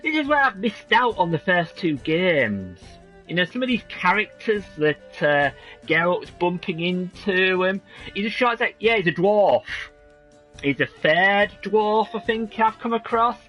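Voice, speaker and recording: A man's voice: high-pitched, animated, unhurried, sharp tone. A man streaming a video game, chatting in rambling, joking asides. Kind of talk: casual game commentary. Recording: voice over game music.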